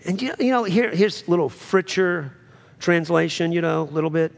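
A man preaching a sermon, swinging between loud, high climaxes and low, quiet drops, repeating phrases for emphasis. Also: animated, normal speed, vocal fry. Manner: preaching with sudden rises and drops in pitch and loudness, repeating phrases. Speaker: pastor.

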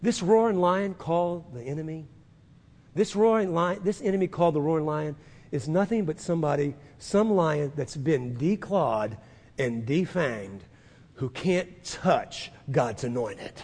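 High-voiced preacher in a ringing hall. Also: male voice, expressive, measured pace, breathy edge. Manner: emphatic, swelling to loud declarations; leads listeners in call-and-repeat confessions. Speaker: pastor. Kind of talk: sermon. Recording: long reverb of a large hall.

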